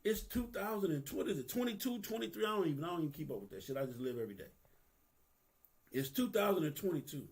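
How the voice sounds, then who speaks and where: A vlogger in his fifties gives a candid, earnest monologue, profane and street-casual, repeating phrases for emphasis. His voice is fairly high with big pitch swings and a quick pace.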